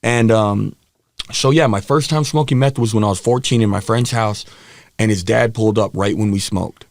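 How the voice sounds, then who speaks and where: A man's voice: fairly low pitch, normal speed, no room sound, studio quality. A man, a podcast guest, telling his personal story in a frank, rambling way with frequent restarts.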